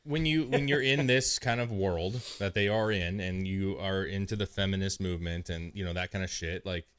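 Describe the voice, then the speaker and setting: A man's voice: low voice, moderate pace, a bit bright, smooth. A man co-hosting a podcast, talking casually and bluntly with lots of swearing and acted-out quotes. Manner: blunt, crude, acts out quotes. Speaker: podcast co-host. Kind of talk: casual profane chat.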